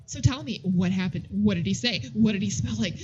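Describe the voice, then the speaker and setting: A woman's voice: mid-range voice, a little fast, muffled recording, noisy background, close to an everyday voice. A woman voicing an eager, nosy schoolgirl friend who gushes and fires off questions. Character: gushing gossipy schoolgirl best friend.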